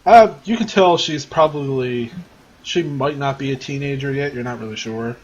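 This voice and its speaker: A man narrating a tabletop game as game master, in a loose, rambling way full of fillers. His voice sits at an ordinary middle pitch. The audio is a little dull, with faint hiss behind it. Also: moderate pace.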